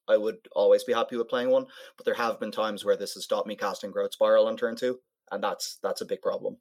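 A man in a casual card-game chat, speaking in a relaxed, matter-of-fact way. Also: on the low side.

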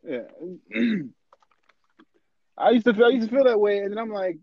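A young man holds forth in casual conversation, speaking frankly and stressing points by repeating himself. His voice sits a little high and the recording is dry and muffled. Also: moderate pace, no room sound. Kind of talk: casual chat.

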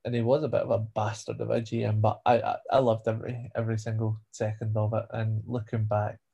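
A man's voice: fairly low pitch, level tone, fairly quick, creaky, warm tone, husky, highs cut off. A man co-hosting a casual wrestling podcast, opinionated and jokingly self-important. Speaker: podcast co-host.

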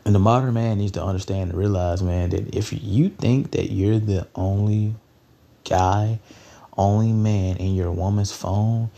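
A man's voice: lowish voice, fairly even intonation, a little slow, creaky, warm tone. A young man hosting a solo podcast, blunt and profane, repeating lines for emphasis. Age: young adult. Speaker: podcast host. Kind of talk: casual solo podcast rant.

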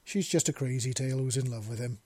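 A man's voice: medium pitch, fairly quick, dark tone, no echo, close to an everyday voice. A man voicing a big, easygoing male Deathclaw in a story reading, speaking in a teasing, amused way.

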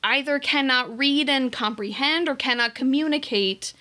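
A young adult woman co-hosting a casual movie review podcast, chatty and quick to laugh, swearing now and then. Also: high voice, pushed and bright. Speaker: podcast co-host.

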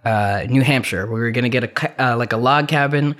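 A man's voice: medium pitch, a little fast, a bit bright. A young man co-hosting a podcast, telling a long story in casual chat, rambling with restarts and swearing freely. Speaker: podcast co-host.

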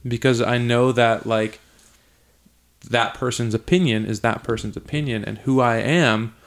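Gravelly guy hosting a podcast, chill reflective chat, gets pumped sometimes. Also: medium pitch, measured pace. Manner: reflective, animated when excited. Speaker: podcast host. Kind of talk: casual conversation.

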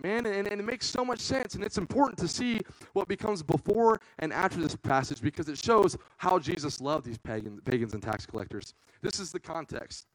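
A man's voice: on the high side, no echo, rough recording. Earnest young man preaching, dry sound. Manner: casual, earnest, says "man" often. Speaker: youth ministry preacher. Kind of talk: sermon.

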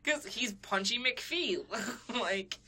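A woman's voice: on the high side, extremely slow, sharp tone, slightly rough. A young woman co-hosting a podcast in casual chat, giggling often and filling her talk with "like". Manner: giggly, frequent "like" fillers. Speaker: podcast co-host.

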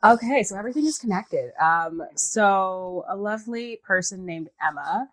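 A woman actor being interviewed over a video call, an animated storyteller who laughs and slips into voices. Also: mid-range voice, moderate pace, dry recording, low-quality recording. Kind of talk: casual interview chat.

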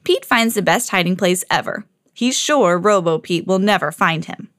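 A woman hosting a children's podcast, reading a picture book aloud in a clear storytelling voice. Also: fairly low pitch, animated, normal speed, fairly bright tone, no echo.

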